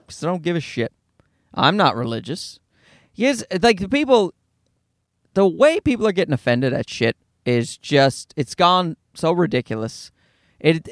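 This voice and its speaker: A man in his thirties hosts a casual comedy podcast, ranting with plenty of swearing and bursts of mock voices. His voice sits high and leaps around a lot. The sound is dry and close, as from a small home studio. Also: no echo. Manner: animated, profane, ranting with acted-out voices.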